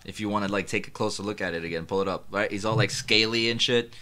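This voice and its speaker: A man's voice: fairly low pitch, fast talker, sharp tone. A man co-hosting a podcast, bantering in a giggly, swearing way. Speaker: podcast co-host. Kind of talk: casual comedic chat.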